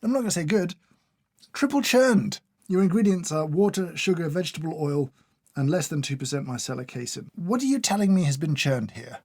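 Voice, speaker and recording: A man's voice: on the high side, expressive, quick pace, a little mellow, dry recording. Dry, sarcastic man tasting food. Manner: dry, sarcastic, opinionated, scolds the products directly. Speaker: food taste tester. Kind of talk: casual taste-test commentary.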